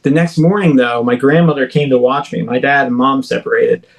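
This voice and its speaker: A man's voice: medium pitch, steady tone, fairly quick, gravelly, rough recording. A man in his thirties, an interview guest, telling a personal story vividly, with frequent halts and restarts. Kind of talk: recounting a personal experience in an interview.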